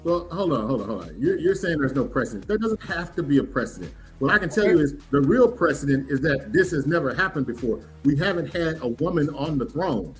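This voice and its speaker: A man's voice: fairly high pitch, big pitch swings, faint music behind. A man co-hosting a podcast in casual chat, asking questions and pushing back with his view. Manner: measured, questioning, pushes back. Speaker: podcast co-host.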